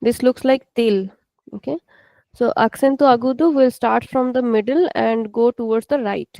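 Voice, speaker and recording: A woman's voice: on the high side, dark tone, no echo. A woman teaching an online language lesson, patiently correcting a student and spelling words out. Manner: patient, explains slowly, spells words out, switches into Hindi.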